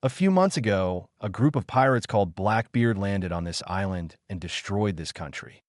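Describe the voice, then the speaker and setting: A man's voice: on the low side, expressive, moderate pace, no room sound, studio quality, natural voice. A man voicing a stern, square-faced male militia leader who speaks in a formal, guarded way, in an audiobook. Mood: grave.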